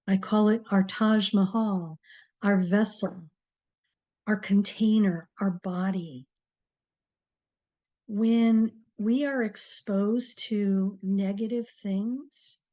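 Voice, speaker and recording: A woman hosting a TV talk, giving a slow, encouraging motivational talk to viewers with many pauses. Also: medium pitch. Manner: slow, pausing, soft-spoken and encouraging. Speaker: TV show host, speaker on word power.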